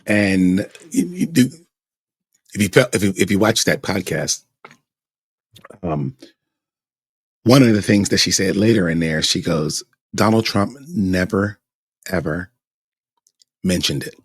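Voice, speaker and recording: A man's voice: sits low, expressive, measured pace, pauses often, husky, no echo, clean studio sound. A man hosting a podcast, talking through his views in a rambling, emphatic way with many repeated words. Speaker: podcast host. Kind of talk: casual commentary.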